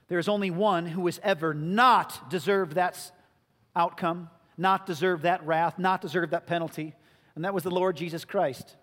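A man's voice: high-pitched, fairly even intonation, moderate pace, a bit bright. A male pastor preaching a sermon, earnest and rising to emphatic peaks, in a church. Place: church sanctuary. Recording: long reverb of a large hall.

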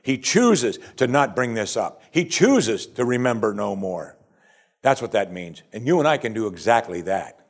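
A man preaching a sermon. He climbs to loud, high emphasis, then sinks to quiet, soft passages, and asks his listeners question after question. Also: sing-song, normal speed. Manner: asks the congregation repeated rhetorical questions. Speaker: pastor.

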